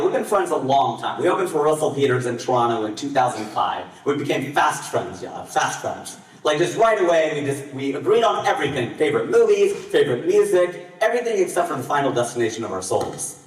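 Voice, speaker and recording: A man in his late forties performs a live stand-up set on a festival stage, his voice leaping up in pitch and volume on punchlines. The recording is echoey and hall-like, with his voice sounding far away.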